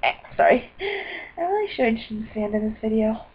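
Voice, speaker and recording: A woman's voice: on the high side, normal speed, slightly rough. Rambling, apologetic young-sounding woman on a webcam. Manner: scattered and apologetic, with excited bursts. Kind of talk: rambling personal video diary. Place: indoors at a computer. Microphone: built-in computer webcam mic. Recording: dull lo-fi webcam audio.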